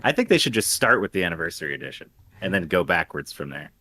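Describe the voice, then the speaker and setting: Man, low voice, bright sharp tone, swings all over, sarcastic. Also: big pitch swings, quick pace, a little hiss or hum. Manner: wry, sarcastic quips. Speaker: podcast co-host. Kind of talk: casual gaming podcast chat.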